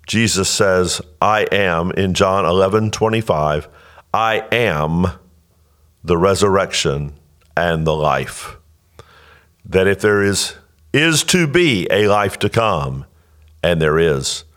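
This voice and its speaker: A man with a very low voice teaches scripture on a podcast. He speaks slowly and deliberately, often restarting phrases and rising with emphasis on key points. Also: animated, fairly bright tone. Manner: slow, deliberate delivery with emphatic rises and repeated restarts. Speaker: pastor and podcast host.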